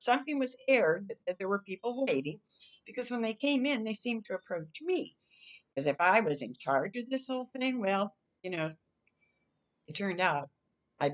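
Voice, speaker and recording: An older woman from the Chicago area telling a story from her past in a casual, chatty way, acting out her own quoted lines. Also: medium pitch. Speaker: storyteller vlogger.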